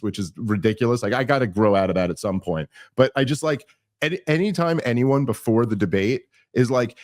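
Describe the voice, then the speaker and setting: A man hosting a podcast, telling a story in casual chat, animated and full of restarts and mocking asides. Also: medium pitch. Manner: animated, mocking quoted voices, many restarts. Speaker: podcast host.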